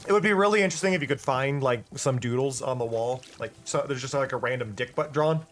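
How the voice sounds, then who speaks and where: A person giving chatty, joking commentary while streaming a game. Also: male voice, mid-range voice, fast, a bit bright. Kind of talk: casual gameplay commentary.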